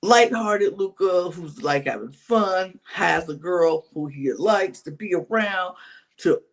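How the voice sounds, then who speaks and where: Animated man recapping reality TV, slightly high voice. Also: takes it slowly, gravelly. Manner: animated storyteller with casual slang. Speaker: podcast co-host. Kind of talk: casual reality-TV recap chat.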